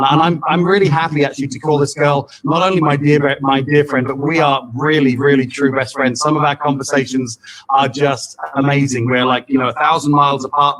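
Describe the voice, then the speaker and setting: A man hosting a live online event, introducing the first speaker in a halting way, with many ums and uhs. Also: fairly high pitch, poor audio. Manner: warm, halting, with many fillers.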